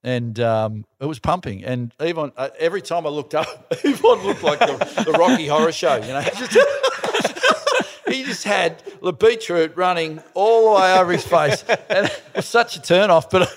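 A man's voice: on the high side, big pitch swings, moderate pace. A middle-aged Australian man, a podcast guest, telling stories in casual chat, laughing often and swearing easily. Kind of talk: casual storytelling.

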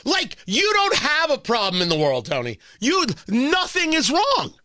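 Man, radio host, high and bright voice, dry close sound, animated storyteller. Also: measured pace, dry recording. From New York / New Jersey area. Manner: animated, self-mocking storytelling. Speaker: radio talk show host. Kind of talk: radio monologue.

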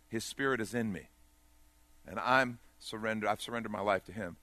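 Bright-voiced preaching man, dry close sound. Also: a little fast, dry recording. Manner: swings between loud urgent peaks and quiet low asides. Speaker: pastor. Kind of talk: sermon.

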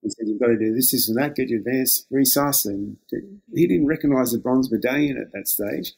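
Husky older Australian man yarning. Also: mid-range voice, a little fast, a little mellow. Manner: laid-back yarning, acts out quoted exchanges, chuckles often. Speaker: interviewee, former lifeguard. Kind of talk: casual storytelling.

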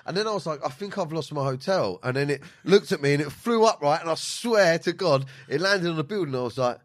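A man's voice: a little high, animated, fast. A young man hosting a podcast, telling a rambling, sweary story with frequent laughter. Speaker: podcast host. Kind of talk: casual chat.

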